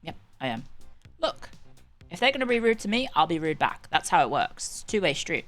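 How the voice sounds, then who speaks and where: A woman's voice: fairly low pitch, big pitch swings, brisk, fairly bright tone, faint music behind. A woman with a British accent, livestreaming and chatting casually in a sarcastic, bantering, rambling way. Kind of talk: casual chat.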